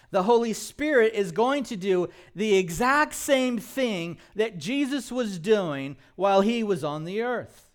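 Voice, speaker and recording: A man preaching a sermon as pastor, prompting the congregation to repeat after him and slipping in light jokes. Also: high voice. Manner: animated preaching with call-and-response prompts; light humor, laughs at his own jokes.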